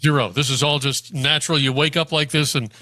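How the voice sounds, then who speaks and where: A man co-hosting an interview has a bright, tense voice pitched fairly high for a man. He teases the guest playfully. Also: fairly even intonation, brisk. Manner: playful teasing. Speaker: guest co-host.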